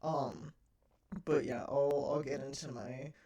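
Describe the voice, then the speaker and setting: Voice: mid-range voice, steady tone, slow pace, dark tone. A person reviewing a TV episode in a casual, rambling chat, with many fillers and some swearing.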